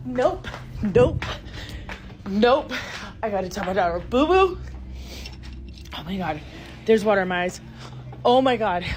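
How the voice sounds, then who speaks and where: A woman's voice: mid-range voice, darkish tone. A middle-aged woman filming her own house on a phone, whispering in fright and breaking into breathless exclamations and swearing. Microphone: phone camera. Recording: noisy phone video audio.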